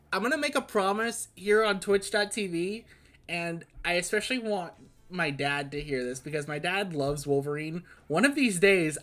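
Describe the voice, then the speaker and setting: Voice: mid-range voice, fairly bright tone. A game streamer giving casual play-by-play commentary, rambling with lots of restarts and laughs.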